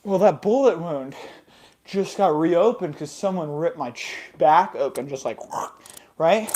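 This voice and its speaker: A woman's voice: fairly low pitch, expressive, a little slow, warm tone, slight background noise. A woman hosting, telling a rambling improvised comic story with giggles and silly sound effects. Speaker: host.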